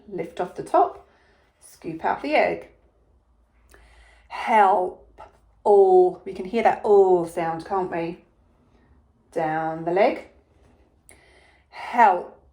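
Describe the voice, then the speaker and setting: A woman teaching a phonics lesson to young children, sounding out letters slowly and clearly with plenty of encouragement, in an English accent. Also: on the low side, dark tone. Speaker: primary school teacher.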